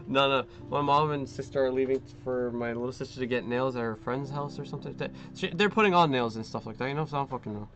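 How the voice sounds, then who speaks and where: A male streamer rambles in casual chat, dropping curse words and fillers as he works on a model kit at home. His voice sits in a middle register and sounds slightly muffled. Soft guitar music plays quietly behind him. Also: mid-range voice, fairly quick. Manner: rambling, swears often, many fillers.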